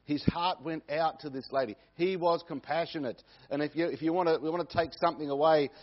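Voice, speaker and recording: A man's voice: a little high, steady tone, fairly quick. A man preaching a sermon, repeating key phrases for emphasis. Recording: dull lo-fi recording.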